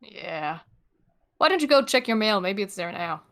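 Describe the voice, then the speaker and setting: A woman reading a webcomic's chat lines aloud as a cocky teenage boy, flat and sardonic. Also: medium pitch, moderate pace.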